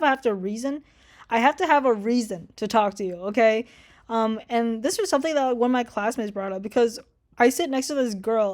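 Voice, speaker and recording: A young woman telling a casual storytime, chatty and swearing a lot, voicing people she quotes with animation. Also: fairly high pitch. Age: young adult. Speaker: vlogger.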